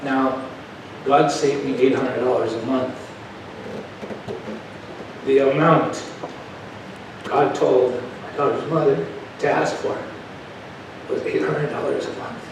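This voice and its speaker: A man's voice: mid-range voice, steady tone, slow pace, long pauses. A middle-aged man preaches in a loose, folksy way and keeps checking in with the people listening. His voice rings through a very echoey hall, picked up from well back from the mic, with a faint hiss underneath. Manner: folksy, conversational, asks the crowd questions. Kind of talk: sermon with personal stories. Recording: echoey hall, taken from far off.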